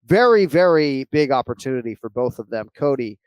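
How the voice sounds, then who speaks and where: A man's voice: medium pitch, animated, a little fast, darkish tone, clean tone, no room sound. A man hosting a sports podcast, joking around and swearing casually while he runs the segments. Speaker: podcast host.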